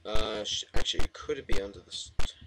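A man's voice: on the low side, fairly quick, very noisy. A man playing a horror game and commenting, jumpy and swearing, talking back to the game at a desk mic. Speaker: gamer.

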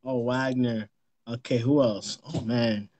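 A man hosting a ministry livestream, greeting viewers by name with blessings and shout-outs. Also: mid-range voice, steady tone, unhurried. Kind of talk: casual livestream chat.

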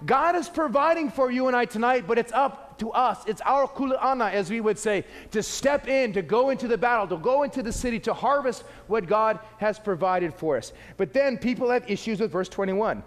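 A man preaching a sermon, animated and acting out little scenes. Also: very high-pitched, normal speed, few pauses, long reverb tail.

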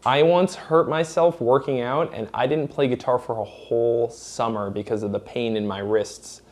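A man's voice: mid-range voice, fairly even intonation, normal speed, darkish tone. A man from Massachusetts with no regional accent, hosting a casual viewer Q&A and talking bluntly and profanely. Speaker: host answering viewer questions. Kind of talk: casual Q&A chat.

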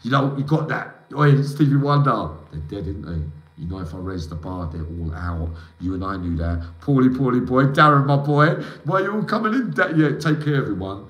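A man's voice: mid-range voice, big pitch swings, fairly quick, few pauses, fairly bright tone. A man hosting a livestream, rambling emotionally and calling out viewers by name in slangy casual talk. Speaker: livestream host. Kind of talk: rambling live chat with viewers. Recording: echoey room.

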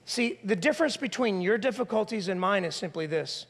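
High-pitched guy preaching a sermon, chatty and animated, long echo from the church hall. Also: fairly quick. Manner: animated, conversational preaching, acts out quoted voices. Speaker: lead pastor. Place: church sanctuary.

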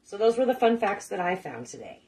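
A woman's voice: mid-range voice, very animated, brisk, a little mellow, slight background noise. A middle-aged woman hosting a casual cooking livestream, chatting with viewers, swearing casually and laughing often. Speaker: cooking show host.

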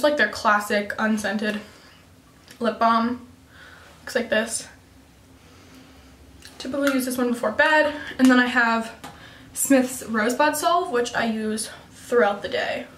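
A woman's voice: a little high, a bit bright. A teenage girl vlogging about her skincare in a casual, rambling way, full of "like" and "um". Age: teens. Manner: chatty, rambling, fills with "like" and "um". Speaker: beauty vlogger. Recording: roomy, mic at a distance.

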